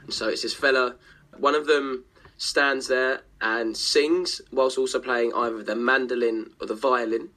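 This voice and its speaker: A man in his twenties talks as a podcast guest, gushing and rambling about music he loves. He swears casually and keeps restarting his sentences in his excitement. His voice sits at an ordinary middle pitch. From Essex, England. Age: 20s. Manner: enthusiastic, rambling, swears freely. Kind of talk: casual chat.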